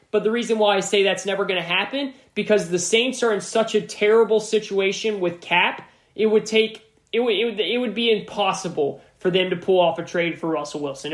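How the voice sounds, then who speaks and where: A man's voice: sits high, roomy sound. A man hosting a sports podcast alone, giving emphatic commentary and often repeating himself for stress.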